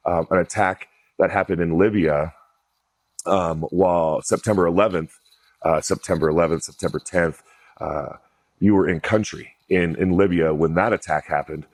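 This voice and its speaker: A man's voice: deep voice, fairly even intonation, normal speed. A man hosting a podcast, asking direct questions in a casual, chatty way. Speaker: podcast host. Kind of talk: conversational interview.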